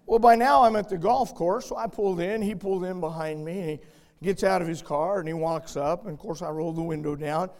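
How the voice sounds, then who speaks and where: A middle-aged man preaching a sermon in a church, telling folksy stories and building up to loud, shouted emphasis. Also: sits high, fairly even intonation, a little fast.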